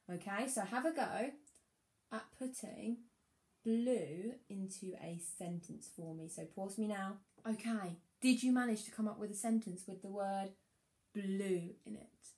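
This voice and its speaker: A woman teaching a phonics lesson to young children, encouraging them and sounding out words slowly. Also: mid-range voice, a little mellow, reverberant. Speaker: primary school teacher.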